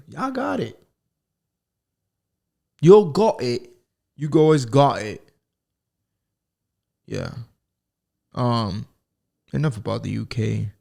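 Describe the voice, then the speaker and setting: A man's voice: on the low side, gravelly, darkish tone, husky. A young man hosting a solo comedy podcast, rambling and profane and laughing at himself. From United States. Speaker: podcast host. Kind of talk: casual solo podcast monologue.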